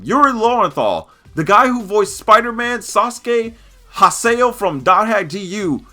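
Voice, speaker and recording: A man in a gaming vlog rant, his voice a touch high and bright and forceful. He is heated and fired up, swears freely and hammers home each point by repeating it. Faint music plays under him. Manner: heated, swearing, emphatic repetition. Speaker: gaming YouTuber. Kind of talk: angry ranting vlog.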